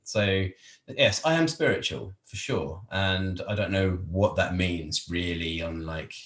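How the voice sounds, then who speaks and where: A man's voice: low-pitched, unhurried, fairly bright tone, reverberant. A man from England, a podcast guest, talking in a casual, rambling way with many fillers and restarts. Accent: English. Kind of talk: casual interview chat.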